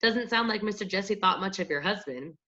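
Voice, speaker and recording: A woman reading a storybook voices a calm male small-town detective who speaks in a measured, dry way. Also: medium pitch. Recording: dull lo-fi audiobook recording.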